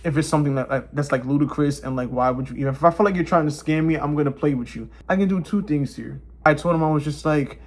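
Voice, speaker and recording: A man vlogging casually, telling a personal story and acting out the quotes in higher voices. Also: fast talker, few pauses, a little hiss or hum.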